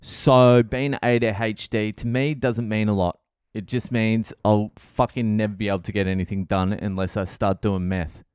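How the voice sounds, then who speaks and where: A man's voice: lowish voice, fairly even intonation, moderate pace, a little mellow, smooth, dry recording, studio quality. A man hosting his own podcast, telling a comic story in a profane, rambling, self-mocking way. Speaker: podcast host, comedian.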